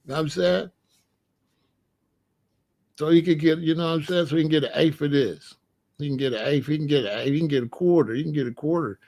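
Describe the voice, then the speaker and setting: Loose-talking man, higher voice. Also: brisk, pauses often, a little mellow. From Chicago. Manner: loose, laughing, repeats "you know what I'm saying". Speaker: commentary vlogger. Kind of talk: casual commentary monologue.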